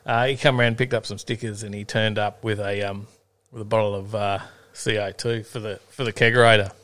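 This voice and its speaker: A man's voice: lowish voice, flat delivery, brisk, a bit bright. A middle-aged Australian man co-hosting a casual live-stream chat, joking and laid-back, with lots of ums and repeats. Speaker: co-host.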